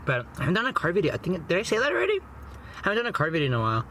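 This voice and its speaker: A young man, a food vlogger and movie reviewer, sits in his parked car eating and chatting casually about a film. His high voice swings hugely in pitch and comes out rapid-fire, pushed and bright, with slight background noise. He rambles and repeats words, dropping "you know" and "bro" constantly.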